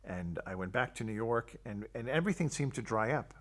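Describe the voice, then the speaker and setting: A man's voice: medium pitch, lively intonation, a little fast. Man, older, Catholic priest, storytelling testimony, acts out quotes. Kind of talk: personal testimony.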